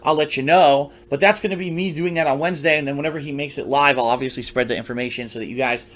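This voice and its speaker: A man who streams games talks quickly through his upcoming schedule in a slightly high voice. He rambles and fills his sentences with "uh", and the clip is played inside another show. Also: steady tone, fairly bright tone. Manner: rambling, full of fillers. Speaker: gaming streamer.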